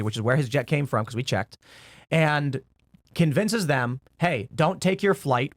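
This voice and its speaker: A man, a podcast guest, telling a story in an animated way with quick asides in casual chat. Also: medium pitch, no echo.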